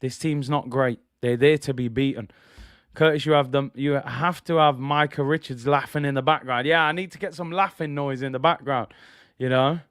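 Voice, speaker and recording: A man's voice: mid-range voice, fairly even intonation, moderate pace, fairly bright tone, clean tone, dry recording, clean studio sound. A man hosting a live football watch-along stream, giving opinionated chat and reading viewers' messages aloud.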